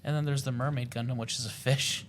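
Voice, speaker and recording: A man co-hosting a podcast in casual chat, rambling excitedly with lots of fillers and self-corrections. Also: mid-range voice, fast. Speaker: podcast co-host.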